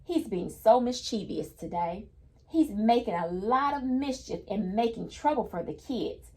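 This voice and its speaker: A woman's voice: on the high side, lively intonation, unhurried, mellow. A woman reading a picture book aloud to children, patiently stopping to explain each new word in simple terms. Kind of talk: children's read-aloud lesson.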